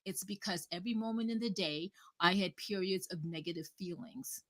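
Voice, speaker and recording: A woman talking casually and at length on a live audio chat, rambling and animated, cutting herself off and swearing freely. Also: lowish voice, moderate pace. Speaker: guest speaker.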